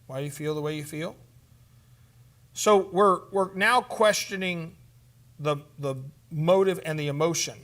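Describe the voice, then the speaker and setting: A man's voice: on the high side, fairly bright tone. A man teaching a church conference session, speaking emphatically, asking the room questions and acting out sample counseling exchanges.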